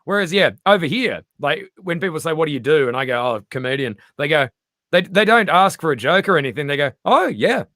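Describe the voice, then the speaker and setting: A middle-aged Australian man, a comedian guest in casual chat, animated and swearing freely as he acts out little voices. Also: a little high, fast talker, no room sound, studio quality.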